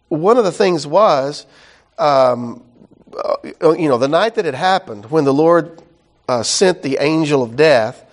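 A man teaching a sermon verse by verse, in a casual, conversational way with many fillers and "right?" asides. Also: on the high side. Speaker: pastor.

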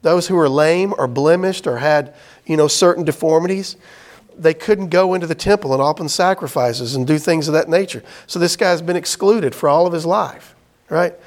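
A man teaching a Bible class, chatting casually and reading scripture aloud slowly. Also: fairly high pitch. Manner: conversational, explains with "right?" and "y'all", reads scripture aloud slowly.

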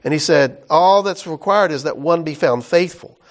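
A man with a high voice preaches in an easy, conversational way. He stays folksy and animated, breaking into exclamations and side remarks between points. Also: moderate pace. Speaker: pastor. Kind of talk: conversational sermon.

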